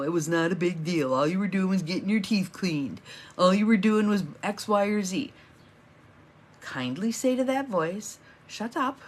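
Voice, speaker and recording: A woman's voice: on the low side, slight background noise. A middle-aged woman hosting a live morning coaching stream, chatty and encouraging, greeting viewers by name as they join.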